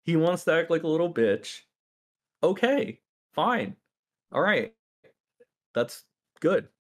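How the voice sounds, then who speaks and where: A man's voice: a little high, very animated, takes it slowly. A man on a voice call, arguing in a heated, profane rant. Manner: angry, ranting, swears a lot. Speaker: streamer in a debate.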